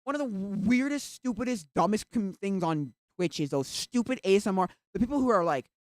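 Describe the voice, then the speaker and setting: A live streamer chatting casually while browsing at the computer, rambling and filling every pause with "like". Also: mid-range voice, expressive, no room sound, studio quality. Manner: rambling, heavy use of "like".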